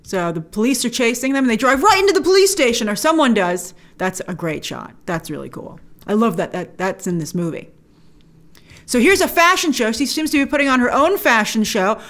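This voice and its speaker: A woman's voice: a little high, animated, fairly quick, fairly bright tone. A woman hosting a film trailer breakdown, talking in a chatty, enthusiastic way with frequent fillers and restarts. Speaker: film trailer reviewer host. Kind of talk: casual trailer reaction commentary.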